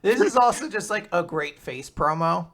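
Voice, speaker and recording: A man's voice: high voice, animated, moderate pace, fairly bright tone. A man co-hosting a podcast, chatting casually and teasing his co-host with joking banter. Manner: joking, mock-boastful banter. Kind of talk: casual chat.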